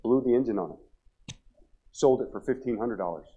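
A man in his forties, a pastor preaching a revival sermon, joking and telling stories, then pressing his point loudly. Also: mid-range voice, normal speed, husky, narrow, tinny audio. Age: 40s. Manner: humorous storytelling, rising to loud emphatic preaching. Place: church sanctuary.

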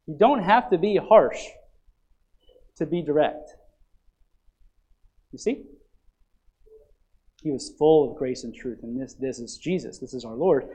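A man preaching a sermon as pastor, swinging from loud emphatic passages to quiet low ones and asking the congregation to fill in words. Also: animated, measured pace, pauses often, slightly rough.

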